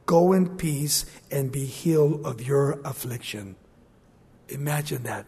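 A man preaching a sermon, animated, acting out scripture scenes in quoted voices. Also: mid-range voice, slow, breathy edge. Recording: long hall reverb.

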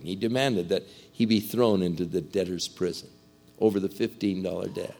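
A man preaching a sermon, emphatic and dramatic, swinging between loud bursts and hushed asides. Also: deep voice, moderate pace, gravelly.

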